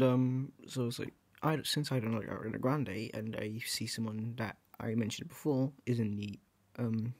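A man's voice: medium pitch, a little mellow, husky, no echo. A teenage man talking to camera in a rambling, hesitant monologue, correcting himself often and filling gaps with "um" and "like". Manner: rambling, hesitant, self-correcting, with frequent fillers. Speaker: video creator.

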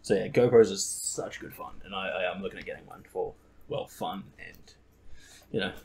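A man's voice: sits low, moderate pace, creaky, crowd noise. A young man hosting a podcast in casual chat, rambling and laughing at his own stories. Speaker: podcast host.

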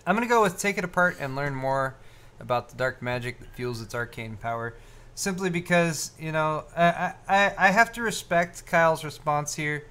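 A man's voice: fairly high pitch, expressive, normal speed, bright, forceful tone, clean tone. Rambling, jokey man on a live tech show. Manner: rambling and jokey, with many fillers and restarts. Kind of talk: casual live-stream banter.

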